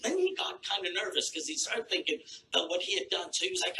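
A man doing a crude stand-up comedy set, telling a story with animated acted-out quotes on a theater stage. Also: high-pitched, normal speed, slight background noise, poor audio. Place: theater stage before a live audience.

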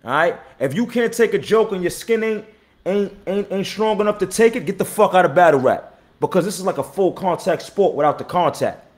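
A man in his thirties, a battle rapper hosting his own live stream. He talks blunt and profane, repeats himself and gives shout-outs to viewers, and says he is tired. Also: high voice, lively intonation, a little fast. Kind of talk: casual live-stream talk.

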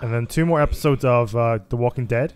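A young man giving casual, excitable let's-play commentary as a gaming YouTuber, swearing freely. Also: medium pitch, fairly quick. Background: game audio with music.

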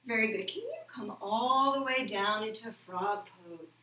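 A woman teaching a children's yoga class, counting aloud and giving gentle, cheerful cues. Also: fairly high pitch, unhurried, echoey room, far from the mic, low-quality recording. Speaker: yoga instructor.

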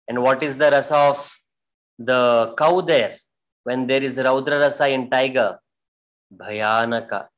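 A man's voice: medium pitch, slow, long pauses, a bit bright, rough recording. A man teaching a dance workshop over a video call, patiently explaining and acting out the story. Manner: patient, explains and acts out scenes.

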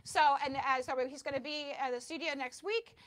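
A woman's voice: high voice, a little fast, fairly bright tone. A woman hosting a comedy talk show, chatty and playful, now and then mock-singing. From American. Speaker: show host.

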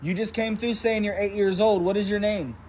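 A man's voice: high voice, steady tone, normal speed, background noise. Man questioning spirits at an abandoned house. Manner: asks spirits short questions, then hushed reactions. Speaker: paranormal explorer vlogger. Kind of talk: ghost-hunting spirit box session. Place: outdoors at an abandoned house, on a porch.

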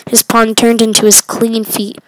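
A woman reading a story aloud, stumbling, restarting and filling pauses as she goes. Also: on the high side, level tone, a little hiss or hum, poor audio.

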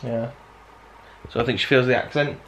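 A man's voice: mid-range voice, steady tone, moderate pace, gravelly, fairly bright tone, a little hiss or hum. A man with a Black Country accent chatting casually to camera in a vlog, rambling and self-deprecating. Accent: Black Country (Dudley). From Black Country, England. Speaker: vlogger.

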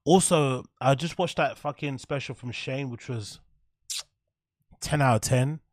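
A man's voice: medium pitch, measured pace, no echo, clean studio sound. A man with an English accent giving casual, blunt, profane commentary as a video reviewer. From England. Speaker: YouTube reviewer.

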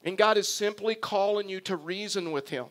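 Male pastor, higher register, earnest emphatic preacher who repeats for effect. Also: moderate pace, a bit bright. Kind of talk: sermon.

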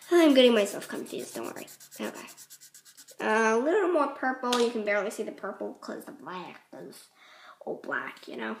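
A woman's voice: a little high, animated, moderate pace, noisy background. A woman hosting a casual craft tutorial, chatty and rambling, often apologizing as she explains. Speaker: art tutorial host.

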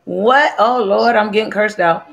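This woman speaks a little slowly in a mid-range, creaky voice. As a cooking show host on a casual home-kitchen live stream, she chats, cracks jokes, calls out viewers by name, and mixes a drink.

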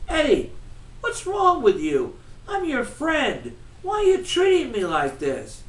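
A man's voice: extremely high pitch, wildly swooping pitch, takes it slowly, a bit bright, voice pushed up, heavily acted. A man reading as an earnest teenage boy. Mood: hurt. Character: friendly teenage boy, hurt and puzzled. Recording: roomy, from far off.

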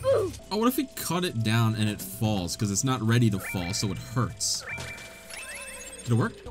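A man giving excitable, self-mocking let's play commentary, laughing often at his own mistakes, with game music in the background. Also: mid-range voice, unhurried, pauses often. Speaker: gamer, channel host.

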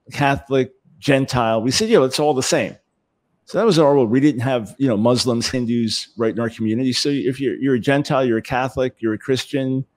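An animated man answering as an interview guest, his voice sitting in an ordinary middle pitch. He often repeats a word or two as he builds a point and moves briskly through his thoughts. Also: dry recording. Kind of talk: conversational interview.

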